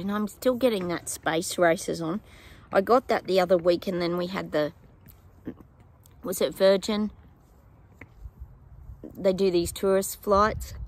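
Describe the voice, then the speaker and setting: A woman giving psychic predictions to her viewers in a casual, chatty way, with many ums and apologetic asides. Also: lowish voice.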